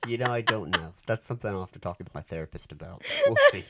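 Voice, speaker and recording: Very deep-voiced teasing woman co-host. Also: quick pace, bright, forceful tone, slight background noise. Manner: teasing, playful. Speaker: podcast co-host. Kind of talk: casual chat.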